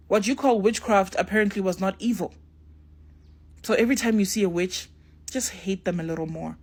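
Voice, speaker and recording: Speaking at a moderate pace in a medium-pitched, darkish voice, a young woman casually tells her viewers a spiritual story. She talks straight to them and acts out the dialogue in shifting voices.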